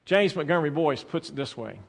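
A man preaching a sermon as pastor, swinging between soft, drawn-out phrases and loud, emphatic bursts. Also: fairly high pitch, expressive, vocal fry. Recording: long reverb of a large hall.

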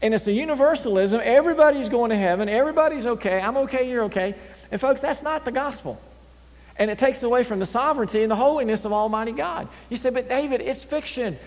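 A male pastor preaching a sermon, animated, swinging between loud emphasis and near-whispers. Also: very high-pitched, fast talker. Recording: long hall reverb.

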